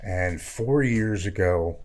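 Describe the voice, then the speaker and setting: A man's voice: deep voice, slow, a little mellow, a little hiss or hum. A man, frankly telling his own recovery story as a podcast guest. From Maryland. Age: 40s. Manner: earnest, frank, plain-spoken. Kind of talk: candid personal storytelling.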